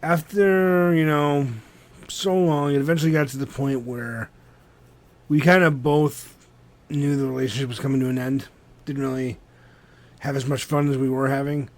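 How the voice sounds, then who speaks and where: A man co-hosting a casual podcast, telling a story in an ordinary mid-range voice. He swears freely and laughs easily at his own story. The tone is loose, chatty, and animated. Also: mid-range voice, moderate pace, pauses often. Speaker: podcast co-host.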